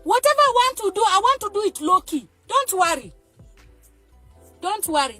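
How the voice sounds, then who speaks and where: A Nigerian woman rants to camera in a very high voice that swings widely. She sounds agitated, threatening and pleading, and faint music plays behind her. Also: sing-song, normal speed, sharp tone. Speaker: mother. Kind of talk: emotional rant to camera. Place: parked car.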